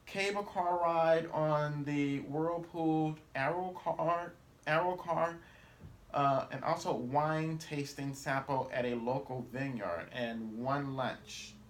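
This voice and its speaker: A man's voice: fairly high pitch, fairly even intonation, slow. A man vlogging on a trip, talking casually to camera in a rambling way, full of fillers and self-corrections. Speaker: travel vlogger. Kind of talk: casual vlog talk to camera.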